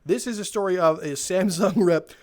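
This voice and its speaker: High-voiced animated young man storyteller. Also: normal speed. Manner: animated, laughing, swearing. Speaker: gaming video host telling a retail story. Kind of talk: casual storytelling over gameplay.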